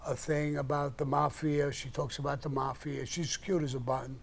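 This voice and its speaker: Gravelly older man telling blunt stories. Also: a little high, level tone, moderate pace. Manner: blunt, profane storyteller. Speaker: live-stream host answering questions. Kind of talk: casual storytelling.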